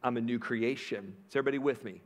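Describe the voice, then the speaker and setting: A man's voice: medium pitch, quick pace. A man preaching a sermon as pastor, telling a story and asking the congregation questions.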